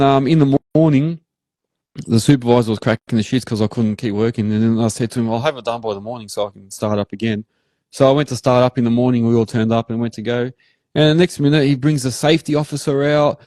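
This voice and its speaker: An Australian man hosting a live show, rambling through animated work stories in casual chat. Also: medium pitch, no room sound. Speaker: host.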